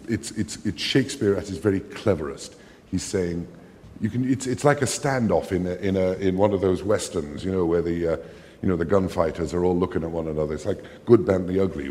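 A man lecturing on a play, emphatic and animated, with dramatic readings of its lines. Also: low voice, a little hiss or hum. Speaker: literature lecturer. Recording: long hall reverb.

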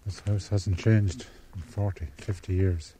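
A man's voice: low-pitched, fairly even intonation, mellow, a little hiss or hum. Irish man narrating a lyrical memoir. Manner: measured, lyrical reading. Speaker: radio producer and memoir narrator. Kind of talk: scripted memoir narration and on-location chat.

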